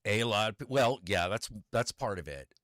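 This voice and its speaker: A man co-hosting a casual chat, animated, swinging between loud emphasis and low mutters. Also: moderate pace, dry recording, studio quality.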